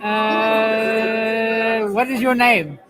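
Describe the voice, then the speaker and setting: A man's voice: high voice, flat delivery, drawn-out words, over music, a crowd in the background, low-quality recording. A man, commentating a rugby match on a live stream in a casual way. He reads out viewer comments, greets viewers by name, mocks himself and laughs often.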